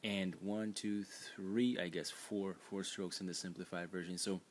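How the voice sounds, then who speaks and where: Deep-voiced man explaining a lesson. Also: fairly even intonation, unhurried, a little hiss or hum. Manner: explanatory, frequent fillers and restarts. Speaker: language teacher. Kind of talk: screen-recorded lesson narration.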